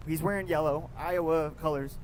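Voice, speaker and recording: A man live-streaming from a city street, chatting casually in relaxed slang. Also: a little high, moderate pace, poor audio. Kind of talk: casual street livestream chat. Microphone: portable streaming mic. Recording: street traffic noise. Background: street traffic noise.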